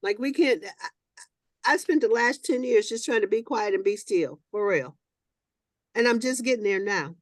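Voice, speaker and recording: A woman hosting a morning talk show. She reads a reflective passage in a measured way and then chats in an animated, conversational style. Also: mid-range voice, no echo, clean studio sound. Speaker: host. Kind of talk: reading a passage, then casual group chat.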